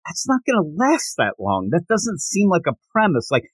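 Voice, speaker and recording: A man's voice: sits high, normal speed, husky, no room sound. A man co-hosting a manga podcast, retelling scenes with gusto and acting out characters' lines. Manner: animated storyteller, acts out characters' lines. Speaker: podcast co-host. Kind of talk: casual chat, manga review.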